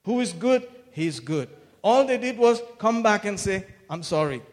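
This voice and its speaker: A man delivers a sermon in a high voice, animated and exclamatory, dropping low and quiet when he retells a story. He laughs between phrases, and a long hall reverb trails his words. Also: normal speed. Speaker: preacher. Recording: echoey hall.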